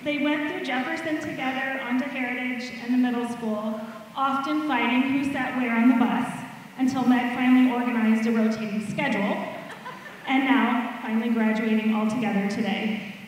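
Mom reading a sweet grad speech, slightly high voice, big echoey hall from a distance. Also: female voice, fairly even intonation, normal speed, slight background noise. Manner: heartfelt, apologetic asides, reads from notes. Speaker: mother giving a graduation tribute. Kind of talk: read speech at a ceremony. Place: large hall at a graduation event. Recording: echoey hall, heard from afar.

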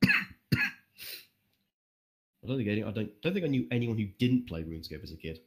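A man's voice: on the low side, expressive, a little fast, warm tone. A young man chatting as a podcast guest, rambling and swearing freely, with self-deprecating jokes. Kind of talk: casual interview chat.

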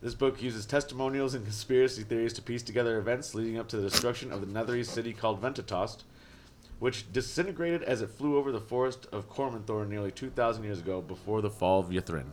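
A man's voice: mid-range voice, fast talker, a little mellow, a little hiss or hum. A man narrating as game master, casual and descriptive, with frequent fillers.

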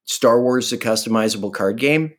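A man's voice: medium pitch, normal speed. A man from Virginia chatting casually as a podcast co-host, telling stories with acted-out quotes and swearing. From Virginia, USA. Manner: animated storyteller, acts out quoted voices, swears. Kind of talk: casual chat.

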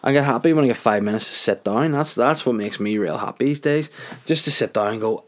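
A man's voice: on the low side, fast talker. A young man rambling through a crude comedic monologue, swearing constantly.

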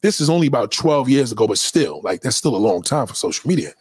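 This podcast host is a very animated, fast talker with a medium-pitched voice that is a little mellow and husky, recorded with no echo. Chatting casually, he tells loose, profane stories and reacts to live comments, restarting often.

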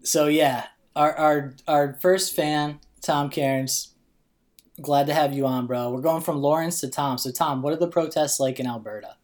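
A man's voice: fairly high pitch, measured pace, a little mellow. A man hosting a podcast, chatting in a loose, bro-ish way and swearing freely over a remote call. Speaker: podcast host. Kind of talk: casual chat.

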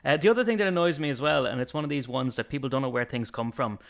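A man's voice: mid-range voice, fast talker, gravelly. An Irish man co-hosting a podcast, chatting casually with a mock-serious, wry humor. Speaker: podcast co-host. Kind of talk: casual chat.

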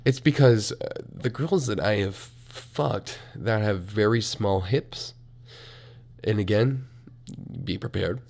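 A young man in a college dorm room hosting a solo podcast, profane and animated, swinging between mumbled asides and loud outbursts. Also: on the low side, slow, gravelly. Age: young adult. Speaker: podcast host. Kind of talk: casual solo podcast rant.

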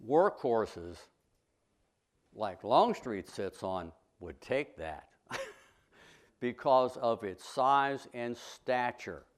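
A man's voice: mid-range voice, sing-song, extremely slow, pauses often. A middle-aged man, a sculptor, giving a folksy, plainspoken talk to a history club, full of anecdotes and blunt opinions.

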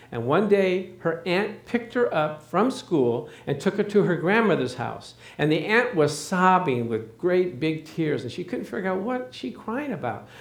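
A man's voice: fairly high pitch, roomy sound. A man preaching a sermon to a congregation, telling stories and acting out the dialogue, building up to emphatic points. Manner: storytelling with acted dialogue, rising emphasis. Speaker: pastor.

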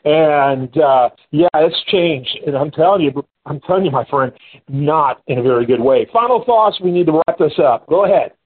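A high-voiced, husky man hosts a radio talk show and chats with his guest. He tells his stories in an animated way and talks right through his fillers. The sound is thin and phone-like. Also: moderate pace. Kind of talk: casual on-air chat.

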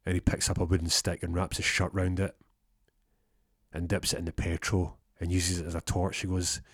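Husky man telling a comic story. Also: low voice, moderate pace, no echo, clean studio sound. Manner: lively, acts out voices and sound effects.

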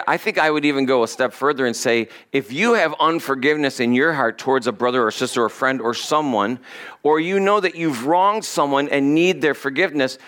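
A man's voice: on the high side, a bit bright. A man preaching a sermon to a congregation, talking casually and joking between scripture readings. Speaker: pastor.

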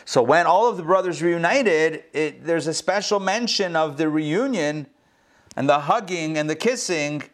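A middle-aged man with a fairly high voice teaches a Torah class as a rabbi. He talks casually over a video call, cracking jokes and quizzing his listeners. The sound comes through a home computer microphone. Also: lively intonation, moderate pace. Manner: playful, jokey, asks the audience questions. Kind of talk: casual online class lecture. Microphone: computer mic on a video call.

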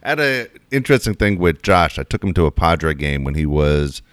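A man's voice: low voice, very animated, moderate pace, a bit bright, dry recording, studio quality. A middle-aged man hosting a sports radio show, easygoing and laughing often as he tells stories and reads ads. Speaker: radio host. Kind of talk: casual sports radio talk with live ad reads.

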